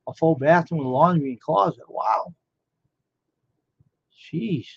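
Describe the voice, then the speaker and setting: A man's voice: on the high side, slow, gravelly, breathy edge, no echo. A man chatting casually on a live stream, rambling and amazed, firing off one question after another. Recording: dull lo-fi dry sound.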